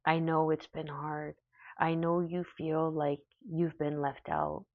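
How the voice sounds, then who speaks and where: A woman giving a spiritual tarot reading in a soft, slow, emotional and affirming way. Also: deep voice, little pitch movement, dry recording. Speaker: tarot reader. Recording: dull, lo-fi sound.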